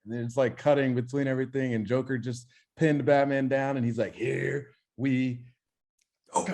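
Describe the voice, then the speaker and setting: A young man co-hosts a podcast and tells stories in a casual, animated way, swearing freely. His voice sits at a middle pitch for a man. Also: brisk. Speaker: podcast co-host. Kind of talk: casual chat.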